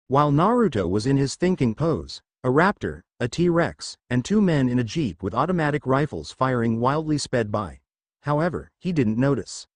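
Man narrator, lively pitch, story reading, dry close sound. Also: normal speed, dry recording. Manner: reads all the figures himself. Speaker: fan fiction reader.

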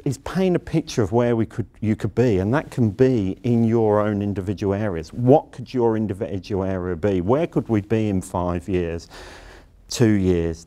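A man's voice: lowish voice, dark tone. A middle-aged man giving a workplace lecture as a university leader, emphatic and blunt, repeating his key phrases.

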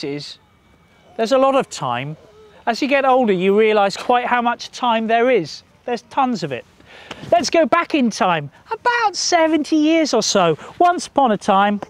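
A man telling stories to a group of children in a park, in a lively sing-song way, coaxing them to join in. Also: sits high. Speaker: children's storyteller. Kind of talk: storytelling to children outdoors. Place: outdoors in a park.

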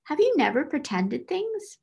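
A woman voicing an imaginative, confident little girl who explains things earnestly, in a slightly raised, gravelly voice. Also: sits high, sing-song, unhurried, darkish tone, voice pushed up, exaggerated voice. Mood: eager.

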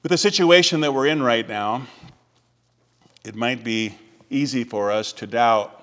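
A pastor preaching a sermon in a measured way, slowing and softening on key phrases. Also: male voice, on the low side. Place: church sanctuary. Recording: reverberant church sanctuary.

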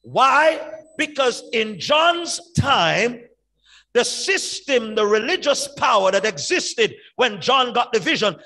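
High-pitched preacher man in echoing church. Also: big pitch swings, takes it slowly. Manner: emphatic preaching, swings from loud shouted peaks to quiet asides. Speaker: pastor. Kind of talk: evangelistic sermon. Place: large church sanctuary. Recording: long church hall reverb.

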